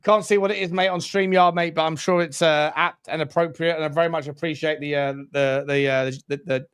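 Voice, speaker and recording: A man's voice: on the high side, fairly even intonation, brisk, a bit bright, clean tone, no room sound. A man co-hosting a casual live stream, chatty and matey, often stumbling over his words. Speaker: co-host.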